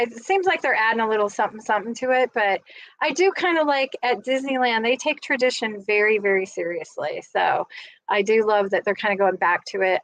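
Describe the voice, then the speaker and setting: Woman, vlogger, casual recap chat, gushing and rambling, fairly high voice. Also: fairly bright tone, low-quality recording. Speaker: vlogger host.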